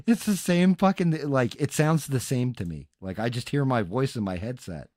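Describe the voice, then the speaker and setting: A man's voice: mid-range voice, lively intonation, moderate pace, a little mellow, no room sound. A male streamer chatting casually on his stream, swearing freely and laughing often as he tells a story. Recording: dry close headset sound.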